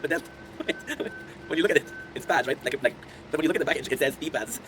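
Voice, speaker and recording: Fast-talking young man telling stories. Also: on the high side, background noise. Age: 20s. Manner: chatty, laughs often, addresses viewers directly. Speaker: content creator streaming to chat. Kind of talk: casual rambling storytelling.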